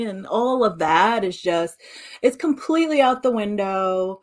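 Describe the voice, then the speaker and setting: A woman in her late thirties co-hosts a podcast, and her voice sits a little high as she takes things slowly. She tells stories in casual conversation, animated and lively, acting out the voices of the people she quotes.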